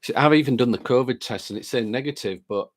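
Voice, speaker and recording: He talks at a quick pace in a mid-range voice, hosting a casual live stream. Despite a lingering chest cold, he reads out viewer comments and greets each person by name.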